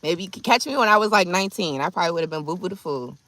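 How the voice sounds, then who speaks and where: A woman's voice: lowish voice, lively intonation, racing, bright, forceful tone, dry recording. A woman in her thirties telling a chatty, slangy story to her livestream chat. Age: 30s.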